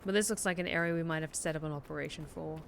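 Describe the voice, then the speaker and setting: A woman's voice: sits low, very fast, vocal fry, a little hiss or hum. A woman streaming a game, thinking aloud in casual, hesitant chat full of fillers. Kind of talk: casual gameplay commentary.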